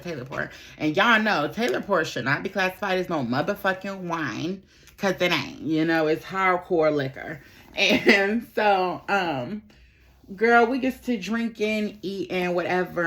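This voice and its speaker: A young woman speaking, telling her followers a story in a casual, candid chat. She swears freely, repeats herself for effect, and talks in a slightly low register. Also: a bit bright. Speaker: vlogger. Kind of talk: casual storytime while doing makeup.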